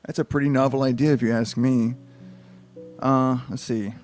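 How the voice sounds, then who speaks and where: A man's voice: medium pitch, steady tone, normal speed, a little mellow, soft background music. A man live-streaming a book reading, breaking off into rambling, profane, incredulous asides.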